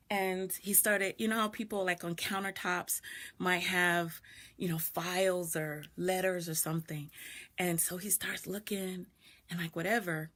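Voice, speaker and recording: A woman's voice: on the low side, fairly even intonation, measured pace, fairly bright tone. A middle-aged woman hosting a live video, telling a personal story reflectively and greeting viewers as she goes. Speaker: doula and video host.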